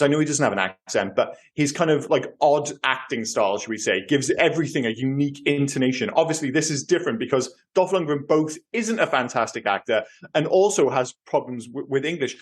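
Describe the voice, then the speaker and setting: Animated chatty male podcast host. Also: mid-range voice, fairly quick, few pauses. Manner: animated, many fillers and restarts. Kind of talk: casual film podcast chat.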